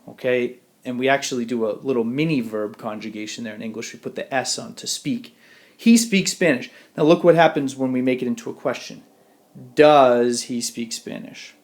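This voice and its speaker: Man explaining grammar in a screencast. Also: medium pitch. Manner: explanatory, rhetorical questions, slowed example phrases. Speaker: Spanish teacher. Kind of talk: screencast lesson.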